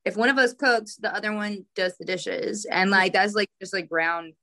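Young woman cohost, bright voice, mid pitch, chill and thoughtful, says like a lot. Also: normal speed. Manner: relaxed, reflective, lots of "like" fillers. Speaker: podcast co-host. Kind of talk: casual chat.

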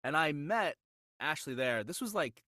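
A voice-actor guest chatting on a podcast, his voice bright and forward, recorded close and dry with no room sound. He tells anecdotes animatedly, with frequent restarts and sudden jumps up in pitch. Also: lively intonation, normal speed, no echo. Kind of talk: casual podcast chat.

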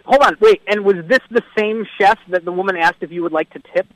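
A man's voice: high voice, quick pace, no room sound, rough recording. A man co-hosting a radio talk show, chiming in with short, incredulous questions. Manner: brief incredulous reactions. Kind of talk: casual chat reactions. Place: radio studio.

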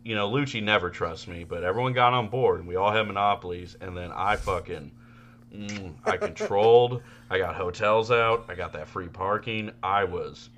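A man co-hosting a casual podcast, telling animated stories with loud, laughing outbursts. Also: lowish voice, moderate pace, slight background noise. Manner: animated storytelling, bursts into loud laughing shouts. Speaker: podcast co-host.

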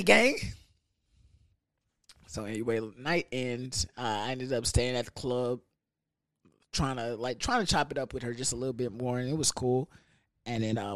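A young man hosting a podcast, telling a story in a casual, profane, animated way with laughs. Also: mid-range voice, dry recording, clean studio sound. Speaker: podcast host.

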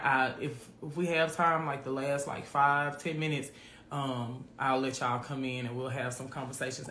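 A man's voice: a little high, pushed and bright, roomy sound, a little hiss or hum. A man from hosting a live faith podcast, chatting casually and often calling listeners "friend". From Memphis, USA. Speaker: podcast host.

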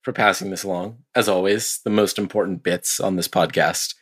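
A man co-hosting a casual sports podcast, chatting easily and laughing along as he talks. His voice sits fairly low and stays relaxed and conversational. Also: normal speed, slightly rough. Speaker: podcast co-host.

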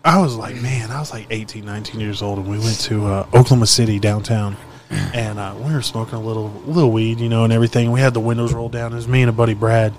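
Brief: a man talking fast, swearing, brash storyteller, faint background noise. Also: lowish voice, fairly even intonation, a little mellow. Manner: brash, profane, rapid storytelling. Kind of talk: casual storytelling chat.

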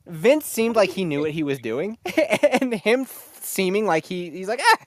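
A man's voice: high voice, moderate pace, dry recording, clean studio sound. A man telling a story in casual, profane chat, laughing as he goes. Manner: profane, laughing, animated retelling.

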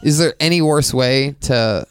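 A man's voice: mid-range voice, a little slow, clear, resonant tone. A man co-hosting a podcast, teasing and chuckling in casual comedic banter. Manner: playful teasing, chuckles between lines.

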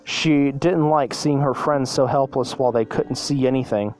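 A man's voice: mid-range voice, moderate pace, a little mellow, soft background music, rough recording. Man stumbling through a storybook reading. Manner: stumbling, self-correcting reading. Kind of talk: reading a fan story aloud.

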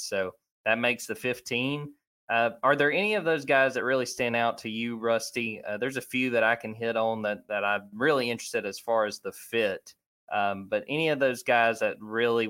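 A man's voice: on the low side, fairly even intonation, brisk, fairly bright tone. A man hosting a casual sports podcast, talking in a loose, conversational way with frequent restarts. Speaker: podcast host.

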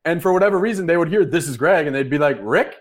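A man's voice: fairly high pitch, very fast. A man co-hosting a casual sports podcast, blunt and dry, with crude jokes. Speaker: podcast co-host.

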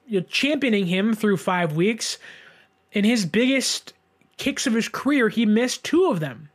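A man in his twenties hosting a solo sports show, giving emphatic commentary. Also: sits high. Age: 20s. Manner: animated, emphatic rant.

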